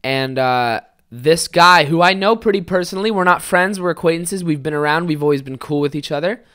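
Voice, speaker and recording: A young man with a fairly high voice hosting a casual solo podcast, rambling and swearing a lot as he tells stories. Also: brisk, clear, resonant tone. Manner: rambling, heavy swearing, animated storytelling. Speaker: podcast host.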